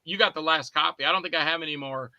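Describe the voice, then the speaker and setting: A man talks casually on a podcast, winding through anecdotes and playing every part himself. His voice sits high and sounds sharp and bright. The sound is dry and close, with no room around it. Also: fast talker, no room sound, dull audio. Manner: rambling storyteller who acts out both sides of conversations. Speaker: podcast guest, indie filmmaker and actor. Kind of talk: casual chat.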